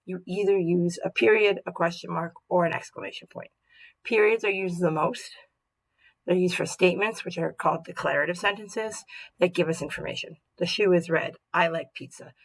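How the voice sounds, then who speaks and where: A woman's voice: fairly low pitch, brisk, creaky, low-quality recording. A woman teacher giving a recorded grammar lesson, upbeat and checking in with "right?" as she goes. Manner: upbeat, tags statements with "right?"; acts out example sentences expressively.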